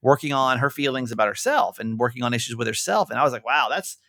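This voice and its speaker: Gravelly-voiced man in casual podcast chat. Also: mid-range voice, quick pace, fairly bright tone, no room sound, clean studio sound. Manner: rambling, restarts often, laughs easily. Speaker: podcast co-host.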